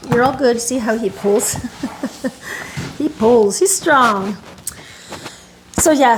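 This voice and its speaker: Woman, fairly high voice, rambling casual storyteller, electric clippers whirring in the background. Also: background noise. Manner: rambling, self-correcting, soothes the dog in between. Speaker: dog groomer and video host. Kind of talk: casual storytelling while grooming. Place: home grooming room.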